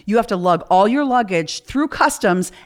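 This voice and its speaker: A woman's voice: mid-range voice, expressive, moderate pace. A woman guest on a podcast, telling candid stories in casual chat and acting out the people she quotes. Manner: candid storytelling with acted-out quotes.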